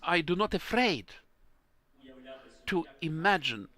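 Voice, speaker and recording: Male panelist, halting and emotional, bright and forceful tone. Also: on the high side, sing-song. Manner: halting, earnest, emotional, searching for English words. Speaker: forum panelist. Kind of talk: panel discussion answer.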